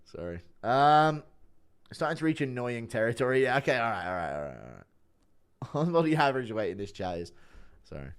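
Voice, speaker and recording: A man's voice: mid-range voice, sing-song, fairly quick, pauses often, clear, resonant tone. A man streaming live, reading and answering chat in a blunt, profane way and laughing often. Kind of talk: casual livestream chat.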